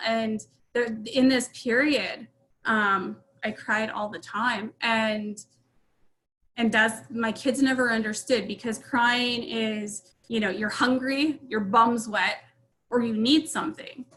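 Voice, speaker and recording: A woman's voice: fairly high pitch, fairly even intonation, slow pace, bright, forceful tone, rough recording. A middle-aged woman, an interview guest, telling a personal family story in a frank, rambling way full of fillers and restarts.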